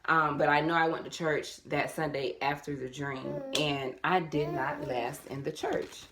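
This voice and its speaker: Low-voiced woman telling a story casually. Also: a little slow, a crowd in the background. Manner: animated, repetitive, addresses viewers as y'all. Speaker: vlogger.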